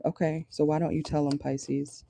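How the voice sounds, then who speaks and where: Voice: medium pitch, little pitch movement, moderate pace, creaky, dark tone. Blunt, profane tarot reader in a car. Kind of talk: casual channeled tarot reading. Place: parked car.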